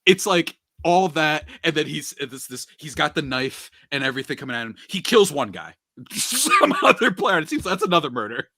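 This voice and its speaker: Animated, bright-toned man retelling a movie. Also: a little high, moderate pace, no echo, clean studio sound. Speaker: podcast speaker. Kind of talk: casual chat.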